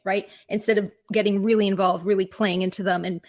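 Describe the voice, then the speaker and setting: A woman therapist speaking as an interview guest, explaining advice clearly and repeating key phrases. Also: mid-range voice, flat delivery, brisk. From California.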